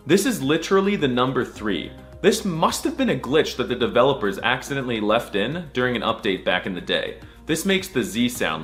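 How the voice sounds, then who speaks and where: A man's voice: mid-range voice, big pitch swings, normal speed, fairly bright tone, soft background music. A young man giving a jokey scripted voice-over lesson, sarcastic and crude with a mock-serious tone. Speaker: comedy language explainer.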